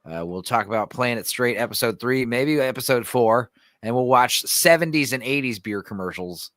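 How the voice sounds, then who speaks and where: A man hosts a casual podcast, his voice bright and sharp. He rambles, laughs a lot and swears casually, a little sore in the throat. The sound is dry and close. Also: medium pitch, animated, moderate pace, no room sound. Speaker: podcast host. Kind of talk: casual chat.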